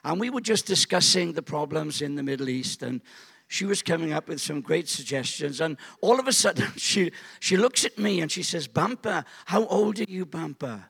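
A man in his seventies preaching at a church service, telling a family story in an animated, joking way. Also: fairly high pitch, normal speed, gravelly, breathy edge. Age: 70s. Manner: animated, jokey, acts out voices. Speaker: guest pastor. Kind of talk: storytelling sermon.

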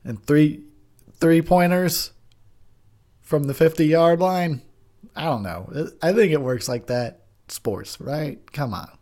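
A man's voice: on the high side, slow, long pauses, a little mellow. A tipsy man giving crude, rambling drunken movie commentary, laughing often. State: drinking, tipsy.

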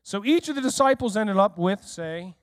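Man, pastor, sermon, high voice, dry close sound. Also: normal speed, no echo. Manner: animated, keeps asking the congregation questions; speaks directly to listeners in the room.

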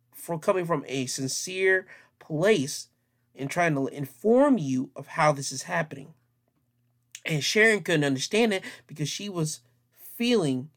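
Emphatic man giving opinion commentary. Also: a little high. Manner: emphatic, repetitive, plainspoken.

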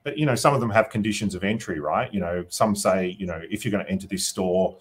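A man's voice: low-pitched, fast talker, a little hiss or hum. An Australian man, a politician, answering interview questions in a casual way, thinking aloud and adding "you know" and "right?" as he goes. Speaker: politician guest.

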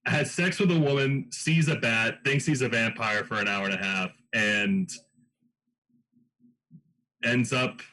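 A man's voice: medium pitch, unhurried, long pauses, bright, forceful tone, rough recording. A man in a casual movie podcast, rambling and joking, with lots of "like".

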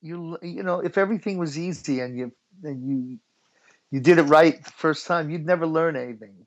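A man's voice: fairly high pitch, normal speed, dull audio. A middle-aged man from the United States telling stories as an interview guest, chatty and laughing often. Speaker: guest musician. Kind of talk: relaxed storytelling interview.

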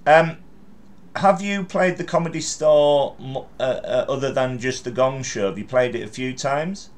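A man's voice: mid-range voice, moderate pace. A middle-aged man hosting a podcast interview, chatty and encouraging, with frequent fillers. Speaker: podcast host. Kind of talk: casual interview.

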